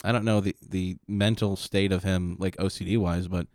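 A man's voice: deep voice, steady tone, moderate pace, darkish tone, dry recording. A man co-hosting a podcast in casual chat, laid-back and hesitant, with dry jokes. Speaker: podcast co-host.

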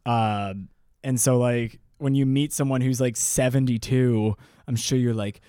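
A man's voice: moderate pace, clean tone, no echo. Chatty man on a dry podcast mic. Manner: animated, slips into silly high-pitched impressions. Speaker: podcast co-host. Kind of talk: casual chat.

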